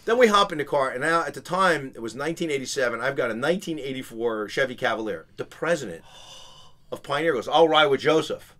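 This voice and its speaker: Animated storytelling man. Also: medium pitch, fast talker. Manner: animated, acts out quoted people. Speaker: podcast guest telling his business story. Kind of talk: casual storytelling.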